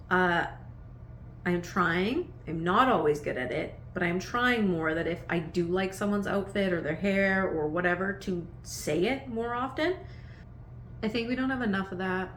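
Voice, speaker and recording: A woman's voice: fairly low pitch, unhurried, a bit bright, a little hiss or hum. Chatty woman in an echoey room. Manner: chatty, meandering, full of "like" fillers. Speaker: vlogger. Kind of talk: casual reflective storytelling to camera. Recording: echoey room with faint ambience.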